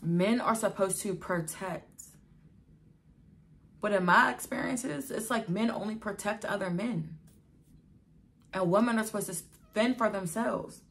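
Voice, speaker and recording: A woman's voice: medium pitch, measured pace, creaky, long pauses. A young adult woman telling her own story in a vlog, emotional and exasperated, talking straight to her viewers. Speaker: vlogger telling a personal story.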